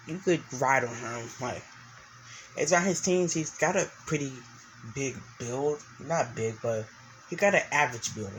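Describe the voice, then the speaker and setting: A man telling a story he makes up as he goes, in a middle-pitched voice. He rambles, circles back and restarts his sentences, filling gaps with "you know" and "uh." His voice stays plain and unhurried throughout. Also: a bit bright, a little hiss or hum, poor audio. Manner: rambling, full of restarts and fillers. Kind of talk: improvised story narration.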